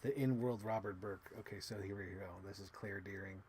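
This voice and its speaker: A man chatting casually as a toy collector vlogger, rambling with lots of fillers and casual swearing, and bursting into high-pitched gushing excitement. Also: brisk, background noise. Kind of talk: casual unboxing chat.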